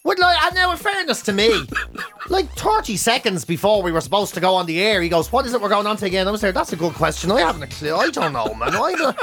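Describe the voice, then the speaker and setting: A man's voice: sits high, sing-song, brisk, pushed and bright, soft background music. An Irish man co-hosting a radio podcast, rambling through stories about himself, swearing freely in casual chat. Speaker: radio co-host. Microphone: studio microphone.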